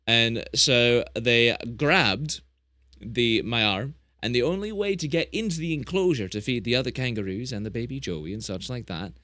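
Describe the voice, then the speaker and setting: A man's voice: medium pitch, fairly bright tone, dry recording, clean studio sound. A young man chatting casually on a live stream, rambling and correcting himself as he tells animal stories. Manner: rambling, chatty, self-correcting, plays up tall tales.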